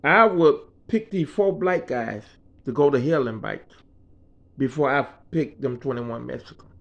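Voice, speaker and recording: A man voicing a calm, blunt contractor who speaks slowly and matter-of-factly. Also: medium pitch, gravelly, muffled recording, voice pushed down. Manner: slow, level and matter-of-fact. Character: calm, blunt male contractor boss, middle-aged.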